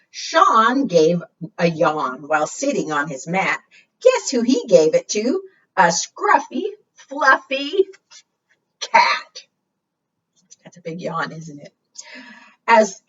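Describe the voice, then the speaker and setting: A woman reads picture books aloud to preschoolers, slow and sing-song with a pitch that leaps around. She coaxes the children to guess and roar along. The sound is dull and slightly distant. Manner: sing-song, animated, coaxing audience participation. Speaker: children's librarian, storytime host.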